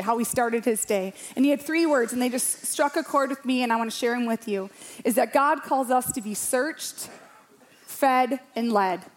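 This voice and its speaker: A woman around forty, a pastor, preaching a sermon to a church congregation in a passionate, emphatic way, repeating phrases for rhythm. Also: a little high.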